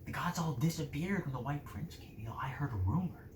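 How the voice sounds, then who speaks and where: A nosy, rumor-chasing male guard who rambles from one wild theory to the next, as a man puts him on in his story. His voice sits a bit high and rings in a roomy space. A faint hiss runs underneath. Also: expressive, normal speed, a little mellow, natural voice. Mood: wondering. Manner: speculative, rambling. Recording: roomy echo, faint noise.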